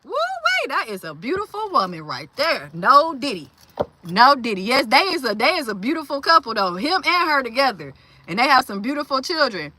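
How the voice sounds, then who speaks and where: Very animated and fairly quick, this livestream host in her forties has a high, bright, forceful voice. She chats loosely with lots of fillers and slang, reading out viewer comments and responding to them. Slight background noise can be heard.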